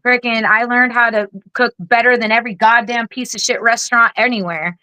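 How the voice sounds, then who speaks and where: A woman in her forties, a military veteran and podcast guest, telling her story in a blunt, heavily profane, rapid-fire way. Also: fairly high pitch, fairly even intonation, pushed and bright, no echo, poor audio. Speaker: guest, Air Force veteran.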